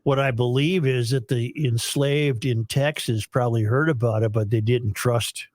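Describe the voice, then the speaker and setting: A man hosts a talk radio show, telling rambling stories and chuckling now and then. His mid-pitched voice sounds dry and close, with no room around it. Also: steady tone, moderate pace, a little mellow, no room sound. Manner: rambling, storytelling, chuckling often. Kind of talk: casual talk radio banter.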